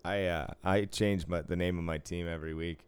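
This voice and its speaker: A man's voice: low-pitched, fairly even intonation, a little fast, clear, resonant tone, no echo. A man in his thirties co-hosting a podcast in casual chat, laid-back, swearing freely and laughing often. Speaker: podcast co-host.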